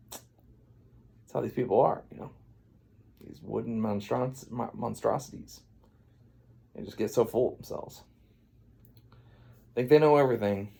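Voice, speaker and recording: A man rambling through an absurd comic retelling of a fairy tale, with deadpan asides. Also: medium pitch, a little slow, vocal fry, long pauses, breathy edge. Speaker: comedian storyteller.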